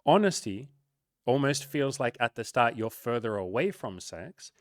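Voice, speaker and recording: A man's voice: mid-range voice, very animated, a little slow, no echo, clean studio sound. A young man and dating coach speaking candidly in a casual monologue, often acting out quoted voices.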